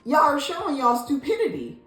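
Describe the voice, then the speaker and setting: Woman vlogger, sassy, expressive, incredulous pitch leaps, roomy echo, soft music underneath. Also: fairly quick. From Illinois. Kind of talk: casual opinion commentary. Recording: echoey room, faint music.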